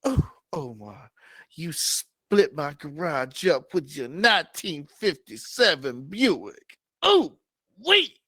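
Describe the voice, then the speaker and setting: A man's voice: on the high side, sing-song, slow, sharp tone, dry recording, studio quality, heavily acted. A man voicing a giddy young woman who squeals and swoons. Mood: swooning. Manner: squealing, breathy.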